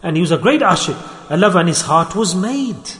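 A man's voice: high voice, expressive, fairly quick, a bit bright. A man giving an earnest sermon as a religious teacher, repeating and stressing key phrases. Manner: earnest, repetitive, emphatic phrasing. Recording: echoey hall.

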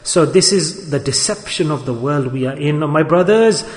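A man preaches an emotional sermon in a somewhat high voice, firing rhetorical questions and sinking to hushed tones. His voice rings out in a large hall with a long, echoing reverb. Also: moderate pace.

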